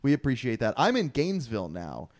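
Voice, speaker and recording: A man's voice: medium pitch, wildly swooping pitch, fast, darkish tone. A young man hosting a casual podcast, joking, laughing often and rambling into asides, recording from his father's home office. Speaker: podcast host. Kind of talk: casual chat.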